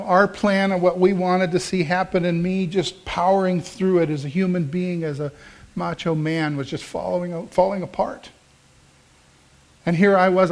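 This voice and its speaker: A middle-aged male pastor preaching a sermon in a conversational, storytelling way, acting out the dialogue he quotes. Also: fairly high pitch. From American Midwest.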